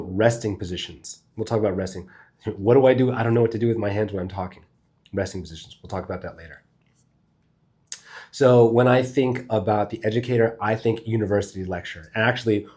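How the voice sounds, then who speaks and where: A man with a fairly low, mellow voice teaches in a loose, conversational way. He swears casually and works through his ideas out loud, like a speaking coach talking straight to camera. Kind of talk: casual spoken lesson to camera.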